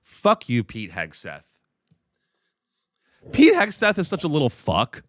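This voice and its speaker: A man rants sarcastically with a fairly high, wildly swinging voice, piling on profanity for comic effect. The sound is dry and close. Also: slow pace, no room sound. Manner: sarcastic, profane, animated ranting. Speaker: comedian podcast host. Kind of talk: comedic ranting monologue.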